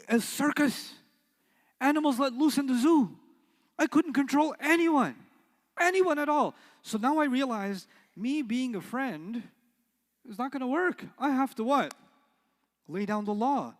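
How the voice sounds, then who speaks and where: A middle-aged man teaches an Arabic class, full of energy, slipping into the voices of the people in his stories and tossing questions at the room. His voice sits high. It carries a long reverb, like a large lecture hall. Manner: animated, acts out quoted voices, asks the class questions. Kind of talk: lecture with storytelling.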